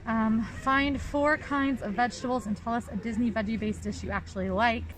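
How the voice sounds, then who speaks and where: A woman's voice: fairly high pitch, fairly even intonation, fairly quick, poor audio. A woman hosting a vlog race, cheerful and full of competitive trash talk. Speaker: show host and race competitor. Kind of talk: upbeat vlog chat.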